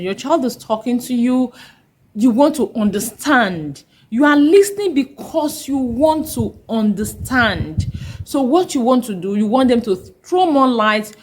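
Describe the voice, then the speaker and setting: A woman's voice: on the high side, a little mellow, rough recording. A woman hosting a parenting podcast, giving earnest, emphatic advice and repeating her key points. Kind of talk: instructional talk.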